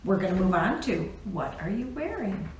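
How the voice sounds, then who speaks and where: A woman's voice: mid-range voice, very animated, moderate pace, slight background noise, rough recording. A woman hosting a crafting podcast, opening the episode and reading out a giveaway winner. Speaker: podcast host.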